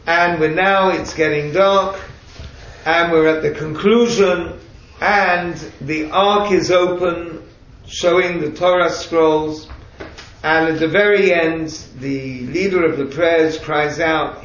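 Gravelly man teaching in an echoey room. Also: a little high, slow pace, fairly bright tone. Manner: patient, explanatory, with chatty asides. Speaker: religious teacher. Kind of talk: explanatory talk to a group. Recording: echoey room, distant mic, dull sound.

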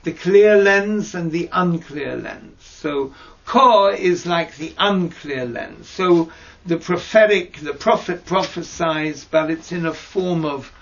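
Slow, gravelly man teaching. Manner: hesitant, searching for words with fillers and restarts. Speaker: teacher of mystical texts. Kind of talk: slow explanatory lesson with many pauses. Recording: dull low-fi audio with faint noise.

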